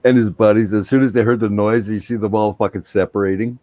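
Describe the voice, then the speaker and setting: A middle-aged man in casual chat, telling animated stories full of swearing. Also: fairly low pitch, fast talker, no echo. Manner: profane, animated storytelling.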